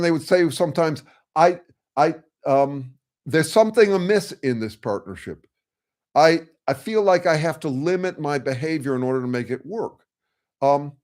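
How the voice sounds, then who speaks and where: An older man hosting a casual discussion, talking frankly and rambling, with restarts and some swearing. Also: sits high. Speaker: host. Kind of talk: casual discussion on a video call.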